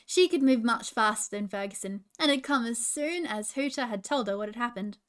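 A woman with an Australian accent reading a children's story with gentle coaching asides. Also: on the high side, lively intonation, brisk, clear, resonant tone. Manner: warm, gentle, chatty with children.

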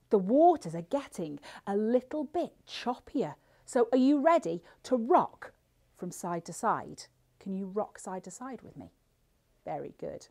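Slow, theatrical female librarian. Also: medium pitch. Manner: gasping, expressive, slow and theatrical for little kids. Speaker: children's librarian. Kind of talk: children's singalong storytime.

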